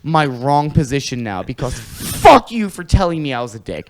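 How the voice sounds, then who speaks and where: Man, podcast host, animated rant, lots of swearing, slightly higher voice. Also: normal speed, a little hiss or hum, rough recording. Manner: animated, heavy swearing, ranting. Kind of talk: casual podcast chat.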